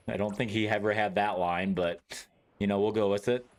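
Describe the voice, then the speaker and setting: A man's voice: lowish voice, steady tone, brisk. A man streaming a game, chatting casually with his viewers in a joking, laid-back way, swearing freely and laughing often.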